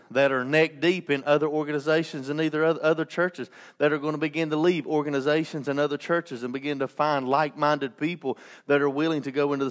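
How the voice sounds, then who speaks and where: A man preaching a sermon as pastor, impassioned, with restarts and joking asides. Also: fairly high pitch.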